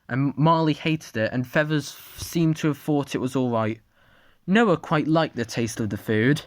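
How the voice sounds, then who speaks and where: A narrator telling an improvised story in a halting way, often restarting sentences. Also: mid-range voice, a bit bright, dry recording, clean studio sound.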